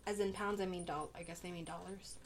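A young woman co-hosting a casual chat, animated and laughing often, slipping into Spanish phrases. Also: lowish voice, fast talker. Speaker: podcast co-host.

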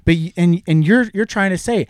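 A man's voice: high voice, normal speed, clean tone, no room sound. A man in his thirties, a youth baseball coach, chatting earnestly and sometimes stumbling over his words. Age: 30s. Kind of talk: casual podcast chat.

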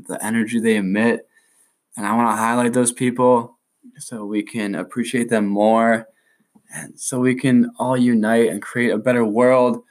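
Young man, podcast host, lowish voice, stoked surfer slang, rambling casual chat. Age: young adult.

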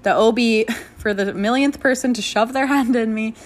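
A young woman candidly telling her own birth story in a casual, frank way, swearing freely and jumping into animated voices for the people she quotes. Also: on the high side, normal speed.

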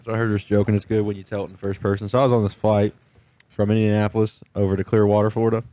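Laid back dude telling jokes on a podcast, lowish voice, dry mic. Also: male voice, flat delivery, rapid-fire, dark tone, no room sound, lo-fi sound. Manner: laid-back, swears casually, tells jokes. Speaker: podcast co-host. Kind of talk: casual chat, joke telling.

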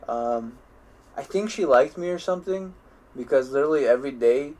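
A young man spins long, looping stories from his school days in a relaxed podcast chat. He keeps starting his sentences over and swears freely. He often breaks into laughter at his own tales. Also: medium pitch, moderate pace. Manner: rambling storytelling with frequent restarts and swearing. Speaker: podcast co-host. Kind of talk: casual chat.

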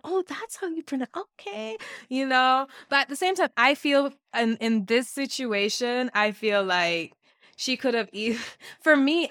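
A woman's voice: medium pitch, fairly bright tone, no room sound, clean studio sound. A woman co-hosting a podcast, chatting casually and laughing often as she acts out quotes from a reality show. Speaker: podcast co-host.

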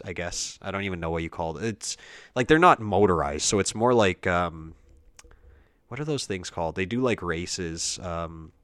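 A man's voice: deep voice, dry recording. A young man talking casually and at length, rambling with many fillers and self-corrections. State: has the hiccups. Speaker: speaker recounting a family kids' camp.

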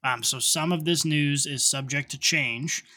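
A man's voice: a little high, unhurried, bright, forceful tone. A man co-hosting a podcast in casual chat, confident and matter-of-fact. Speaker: podcast co-host.

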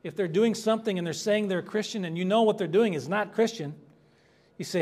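A man's voice: high-pitched, fairly quick, a little mellow. A man preaching an expository sermon as pastor, earnest and conversational, rising in emphasis on key points. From United States.

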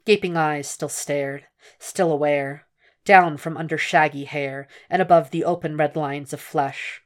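A woman narrating a fan fiction audiobook in a steady, hushed, intense reading voice. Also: low-pitched, a little slow. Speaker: podfic reader.

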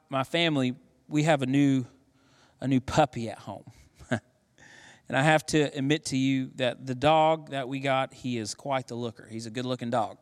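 A man in his thirties preaching a sermon as pastor, telling stories with animated acted voices. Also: a little high. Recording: long hall reverb.

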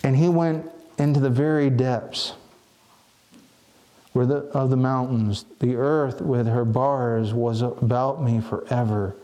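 A man's voice: mid-range voice, fairly even intonation, slow pace, dark tone. A man preaching a sermon in an earnest, reflective way, often restarting his phrases.

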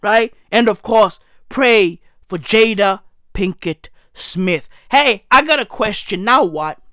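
A hoarse man rants his way through a comedic news commentary, swearing freely and asking "right?" after almost every point. His pitch swings wildly up and down, and his tone is bright and sharp. He talks slowly, and the sound is dry and close. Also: dry recording. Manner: animated, profane, repeats "right?" and "bruh". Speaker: commentary vlogger.

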